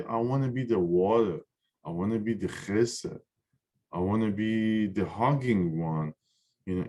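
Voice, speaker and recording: Man, middle-aged, teaching a spiritual class, earnest, repeats himself, pauses on fillers. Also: mid-range voice, a little mellow. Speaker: Zohar teacher. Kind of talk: spiritual lesson.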